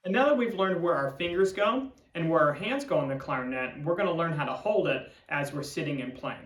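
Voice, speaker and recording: A man's voice: fairly high pitch, animated, a little fast, a bit bright, distant mic. Man teaching clarinet in echoey room. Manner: clear step-by-step demonstrating. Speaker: music teacher. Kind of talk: instructional video lesson. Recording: roomy echo, from off-mic.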